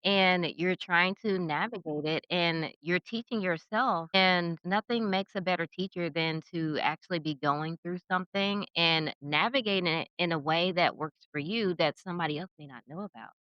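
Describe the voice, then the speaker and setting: Encouraging woman host, smooth but dull sound. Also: fairly low pitch, moderate pace, few pauses, no room sound. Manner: encouraging, uses many filler likes. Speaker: podcast host. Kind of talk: casual conversation.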